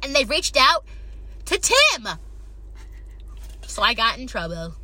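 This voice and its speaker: Young female co-host, high and lively, loud and profane. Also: slow. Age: young adult. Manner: swearing, says she is high, exclaims loudly. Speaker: podcast co-host. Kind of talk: casual chat.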